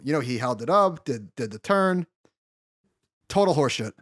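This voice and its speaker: A man's voice: on the high side, animated, normal speed, a bit bright, dry recording, clean studio sound. Blunt, emphatic male podcast co-host. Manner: blunt, emphatic, swears casually. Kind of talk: casual chat.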